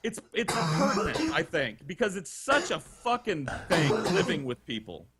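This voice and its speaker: Brief: man, slightly high voice, casual profane storyteller on a video call. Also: normal speed, crowd noise. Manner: profane, animated, acts out voices. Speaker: storyteller guest.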